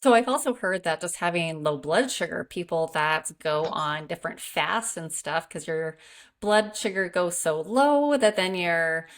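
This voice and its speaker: A woman hosting a wellness interview, asking long strung-together questions quickly. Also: fairly low pitch, expressive. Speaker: host and wellness coach.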